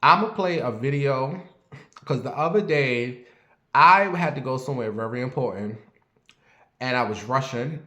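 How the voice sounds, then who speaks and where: Chatty man livestreaming in an echoey room. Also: mid-range voice. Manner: animated, rambling, chatty. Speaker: livestream host. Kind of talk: casual livestream chat with viewer shout-outs.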